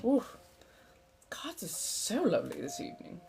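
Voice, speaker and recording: A livestream host in her forties speaks with a fairly high, wildly swooping, creaky voice of darkish tone at a moderate pace, over slight background noise. She puts on an old-fashioned American accent and is theatrical, flowery and endlessly chatty, calling her viewers darling.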